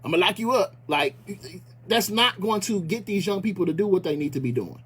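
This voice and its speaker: A man's voice: sits high, expressive, moderate pace, breathy edge. A man from Milwaukee, a community activist, talking bluntly and passionately with a lot of profanity. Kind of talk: impassioned casual talk.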